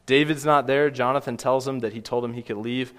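A man's voice: medium pitch, steady tone, brisk, a bit bright, in a large hall. A man preaching a sermon in an earnest, conversational way, often restarting his sentences. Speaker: pastor.

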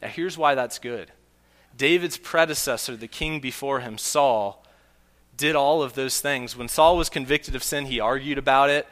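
A pastor preaches an earnest sermon, telling a story to make his point and acting out the quotes within it. His voice is medium-pitched and a bit bright, at a moderate pace, with long hall reverb on the recording.

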